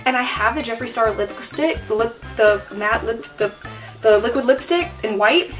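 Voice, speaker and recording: Faint music runs behind a young woman's slightly high voice, which moves at a normal speed. She's a beauty vlogger doing a makeup tutorial at home in front of a mirror, chatting to a camera on a table in a sarcastic, self-deprecating way full of "like."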